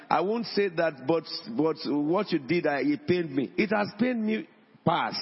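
A man preaching a sermon in a church, emphatic, with his pitch rising on key points. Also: moderate pace, slightly rough. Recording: dull sound in a long-echo hall.

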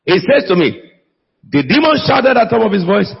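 A man's voice: high-pitched, big pitch swings, brisk, gravelly, slightly rough. A man preaching a sermon in a church, calling out to the congregation and drawing replies from them. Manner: emphatic, call-and-response with the congregation. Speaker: pastor. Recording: echoey church hall, dull lo-fi sound.

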